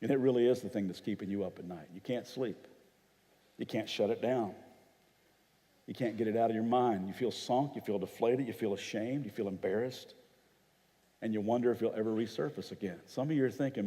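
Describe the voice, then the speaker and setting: A pastor preaching a sermon, telling stories vividly and acting out the voices of people in them. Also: male voice, fairly low pitch, fairly quick, warm tone, big-room sound. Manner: dramatic storytelling, acts out quoted voices. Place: church hall.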